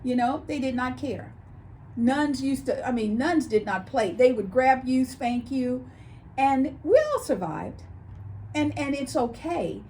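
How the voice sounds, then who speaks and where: A woman's voice: high voice, unhurried, slight background noise. A woman co-hosting a casual chat show, telling stories and acting out quoted voices as she talks. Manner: animated storyteller, acts out quoted voices. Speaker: co-host.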